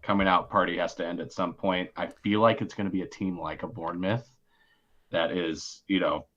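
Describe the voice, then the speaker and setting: Laid-back podcast dude, super low voice, kinda muffled lo-fi audio. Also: male voice, fairly even intonation, moderate pace, a bit bright. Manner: laid-back, agreeable, slangy. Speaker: podcast co-host. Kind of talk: casual sports chat. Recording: dull lo-fi sound.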